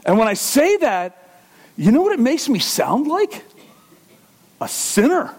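A middle-aged male pastor giving a conversational sermon, dropping into low asides and rising into loud emphatic preaching. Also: sing-song, a little slow.

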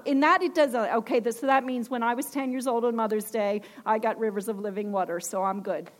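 A woman's voice: a little high, quick pace, hardly any pauses. A woman preaching a sermon with emphasis, asking her listeners questions.

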